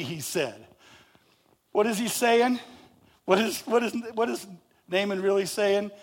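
Male pastor, high voice, animated sermon with jokes and audience questions. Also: measured pace. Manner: animated, acts out reactions with rising and falling loudness; jokey, asks the congregation questions.

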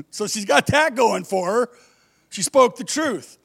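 A man's voice: high voice, lively intonation, measured pace, creaky, fairly bright tone, slightly rough, no room sound, studio quality. A man, a pastor, preaching a casual, conversational sermon and throwing rhetorical questions at the congregation.

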